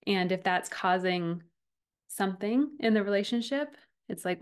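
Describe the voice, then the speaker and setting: A woman in her thirties hosting a podcast, talking earnestly and from the heart about relationships, often with a soft laugh. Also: medium pitch, moderate pace, smooth. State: getting emotional. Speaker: podcast host and relationship coach. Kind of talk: personal podcast monologue.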